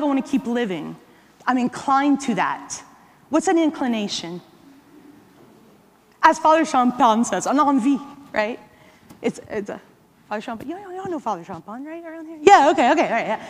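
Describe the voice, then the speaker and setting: High-voiced woman teaching in a hall. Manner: conversational, checks in with "right?" and "okay?". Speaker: workshop presenter. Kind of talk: live teaching talk to catechists. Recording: long hall reverb.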